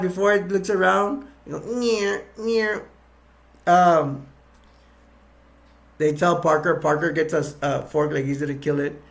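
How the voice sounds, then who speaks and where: A man's voice: on the high side, fairly even intonation, takes it slowly, gravelly, pauses often, a bit bright. A man casually retelling a movie's plot, rambling with many fillers and restarts. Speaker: movie reviewer. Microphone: attached to a bag.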